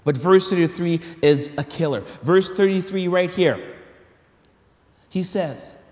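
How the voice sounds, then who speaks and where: A man preaching a sermon in a large church hall, animated and conversational, with stumbling restarts and asides to the congregation. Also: high voice, measured pace. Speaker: pastor.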